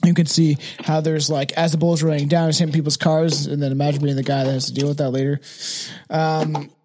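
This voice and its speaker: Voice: medium pitch, flat delivery, quick pace, warm tone, slight background noise. Young adult podcast co-host, loose and profane, fumbles words while reading aloud, intoxicated. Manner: loose and profane, stumbles over names and words. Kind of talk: casual podcast chat, reading articles aloud.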